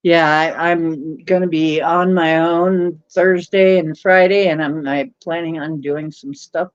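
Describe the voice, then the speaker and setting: A woman's voice: deep voice, fairly even intonation, measured pace, dry recording. A woman hosting a casual late-night livestream, rambling, mocking and laughing often. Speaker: livestream host. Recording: dull lo-fi stream audio.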